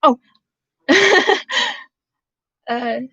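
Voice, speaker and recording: A woman's voice: sits high, expressive, drawn-out words, sharp tone, dry recording. A woman from Georgia with a Southern drawl, casually chatting to her live-stream viewers and rambling with frequent laughs. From Georgia, USA. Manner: rambling, laughs often between sentences. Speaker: vlogger reading live chat.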